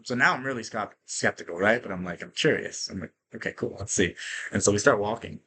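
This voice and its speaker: With a lowish voice and a quick pace, a man hosting a podcast launches into an energetic, casual storytelling monologue full of swearing and tag questions such as "right?". Slight background noise can be heard.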